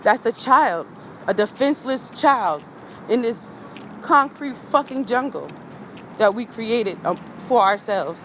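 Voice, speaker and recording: A woman's voice: a little high, lively intonation, takes it slowly, a bit bright, a little hiss or hum, rough recording. Angry woman ranting. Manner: heated, profane and repetitive. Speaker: vlogger. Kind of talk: angry rant to viewers.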